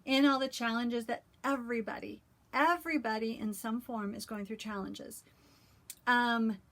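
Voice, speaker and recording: A woman vlogger reading scripture and talking it through in a casual, heartfelt way, pausing often with "um". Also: on the high side, fairly even intonation, a bit bright. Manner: earnest, heartfelt, many "um" pauses. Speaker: cross-stitch vlogger.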